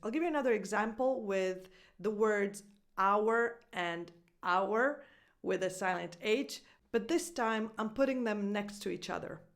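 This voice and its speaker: A woman teaches English pronunciation in an online lesson. She speaks at a middle pitch and models each example word slowly and clearly.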